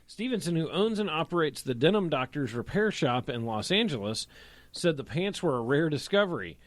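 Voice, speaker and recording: A man co-hosting a casual radio show, reading news items in a lively, conversational way. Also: fairly high pitch, a little fast, no echo.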